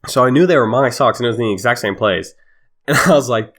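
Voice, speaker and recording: A man's voice: medium pitch, fast talker, a bit bright. A young man telling a heated storytime with lots of swearing and laughter. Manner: profane, laughing, heated retelling. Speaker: vlogger. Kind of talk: casual storytime.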